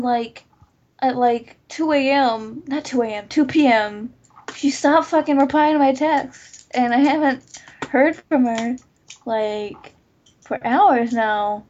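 A woman's voice: sits high, slow. A woman telling stories in a casual group chat, swearing freely and filling her talk with "like". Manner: profane, animated storytelling with lots of "like". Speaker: podcast host. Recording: lo-fi muffled recording.

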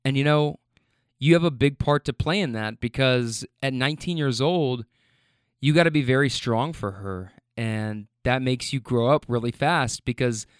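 A man's voice: medium pitch, clear, resonant tone, no room sound, clean studio sound. A man who drives for a rideshare service, recounting a ride in his car in an earnest way and tending to get choked up when he speaks from the heart.

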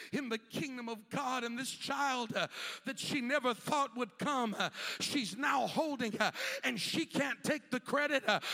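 High, gravelly preacher in a reverberant church. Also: male voice. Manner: emphatic preaching that rises to shouts, with frequent "uh" fillers between phrases. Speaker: pastor. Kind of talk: sermon. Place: church sanctuary. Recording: long reverb of a large church hall.

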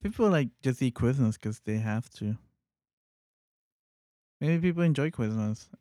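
A man's voice: mid-range voice, animated, a little slow, mellow, no room sound, clean studio sound. A man co-hosting a podcast in casual chat, laid-back and teasing, with short reactions. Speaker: podcast co-host.

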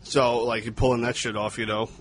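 A man's voice: mid-range voice, little pitch movement, brisk. Male podcast co-host, mid-range voice, blunt plot-recapper with casual swearing, light hiss. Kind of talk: casual movie discussion.

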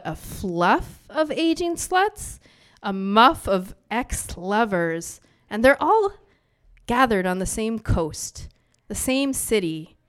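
A woman's voice: medium pitch, clear, resonant tone. A woman performing spoken-word poetry live on a bar stage, brash and profane, bantering playfully with the crowd between lines.

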